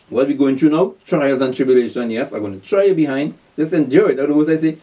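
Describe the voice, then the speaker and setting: A man preaching a scripture lesson, animated and repeating rhetorical questions to his listeners. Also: mid-range voice, fast talker, recorded from a distance. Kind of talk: scripture teaching.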